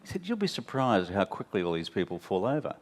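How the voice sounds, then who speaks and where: A man's voice: on the low side, quick pace. A man in his fifties with an Australian accent, a guest on stage telling blunt, wry anecdotes and mimicking the people he quotes. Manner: animated storyteller, mimics others, wry and blunt. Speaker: interview guest, former prime minister. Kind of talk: candid anecdotal conversation on stage. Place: stage at a talk venue.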